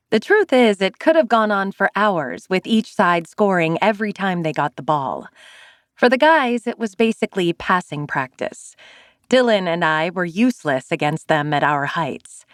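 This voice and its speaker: A woman narrating a romance audiobook in the first person, in an expressive, conversational way. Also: mid-range voice, normal speed, no room sound, clean studio sound.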